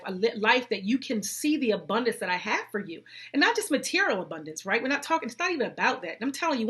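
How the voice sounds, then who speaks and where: Lady hosting a live faith chat, bright voice, preachy, slangy, says stuff twice. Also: on the high side. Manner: animated and preachy, with slang and repeats. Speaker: host of a live faith and life-coaching stream. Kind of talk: casual live-stream chat, reading comments.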